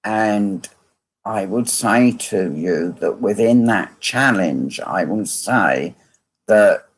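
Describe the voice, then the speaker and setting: A man, working as a medium, giving a slow, repetitive reading and asking again and again whether the listener understands. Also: fairly low pitch, lively intonation, slightly rough. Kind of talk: live online mediumship reading.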